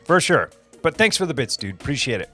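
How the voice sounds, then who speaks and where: A man's voice: fairly high pitch, big pitch swings, fairly quick, pushed and bright, husky, dry recording, soft background music. A man hosting a casual livestream, chatting with viewers and rambling through answers with many fillers and repeated phrases. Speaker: livestream host.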